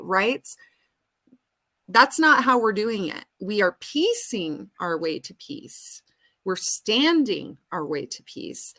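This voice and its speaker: Bright-voiced woman lecturing earnestly. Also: mid-range voice. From United States. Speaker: host answering audience questions. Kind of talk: live Q and A talk.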